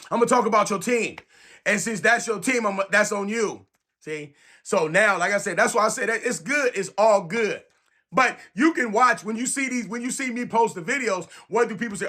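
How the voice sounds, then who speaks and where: A San Francisco sports fan rants to camera, casual and emphatic, repeating his points. His voice sits high and he talks at a normal speed, animated throughout.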